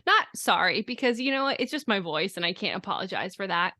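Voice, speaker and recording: A woman's voice: mid-range voice, animated, brisk, bright, forceful tone, dry recording, clean studio sound. A young woman co-hosting a podcast, chatting casually and a bit rambling while her voice sounds nasal from a cold. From California. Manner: self-deprecating, rambling. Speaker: podcast co-host. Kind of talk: casual chat.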